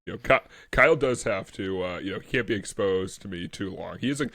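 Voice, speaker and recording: Low-voiced Boston man, chatty and laughing. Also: fairly quick, a crowd in the background. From Massachusetts. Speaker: podcast co-host. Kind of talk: casual chat.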